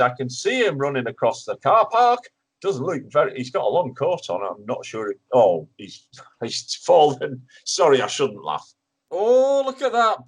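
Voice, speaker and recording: An actor playing an excitable, rambling male radio talk show host in a comedy sketch, speaking from a radio studio. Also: medium pitch, husky, low-quality recording. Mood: flustered.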